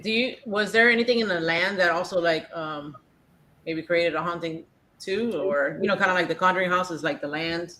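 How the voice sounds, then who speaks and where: A woman's voice: on the low side, a little fast, bright, forceful tone, slight background noise. A woman hosting a podcast, asking guests hesitant, rambling questions. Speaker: podcast host. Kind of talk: interviewing guests.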